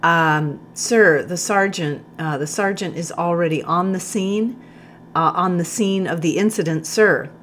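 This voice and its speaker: A woman's voice: on the low side, a little slow, fairly bright tone, slight background noise. A woman voicing a flustered, nervous male corporal who stammers and hesitates.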